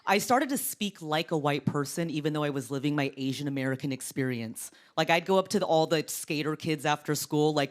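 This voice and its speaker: A woman in her thirties from Orange County doing stand-up on a TV studio stage, with a deep, sultry voice and deadpan, self-mocking delivery. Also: fairly quick, hardly any pauses. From Orange County, California. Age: 30s. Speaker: comedian. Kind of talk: stand-up comedy. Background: studio audience laughter.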